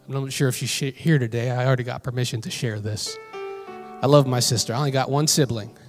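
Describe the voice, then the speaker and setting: A woman preaching a sermon in church. She tells a personal story in an animated way and builds to emphatic calls to her listeners. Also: a bass voice, quick pace, soft background music. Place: church sanctuary.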